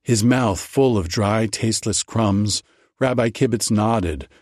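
A man narrating a storybook tale in an unhurried, expressive reading. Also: fairly low pitch, no echo, clean studio sound.

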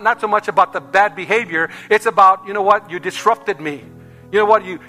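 A man's voice: high voice, pushed and bright. A male pastor preaching a sermon to his congregation, emphatic and calling for amens. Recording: long hall reverb with faint music.

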